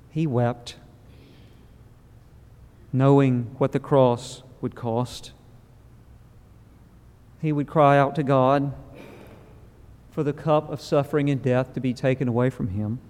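A man preaching a funeral sermon in a church, solemn and measured, with slow pauses. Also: mid-range voice, fairly even intonation, darkish tone. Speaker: pastor. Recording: long reverb of a large hall.

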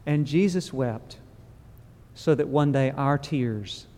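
A man preaching a funeral sermon in a church, solemn and measured, with slow pauses. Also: medium pitch, a little mellow. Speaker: pastor. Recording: long reverb of a large hall.

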